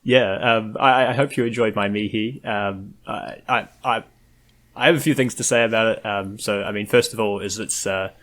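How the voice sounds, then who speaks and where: A man's voice: on the low side, steady tone, normal speed, a bit bright. A man hosting a casual podcast, talking with lots of fillers and restarts. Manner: hesitant, many fillers and restarts. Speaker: podcast host.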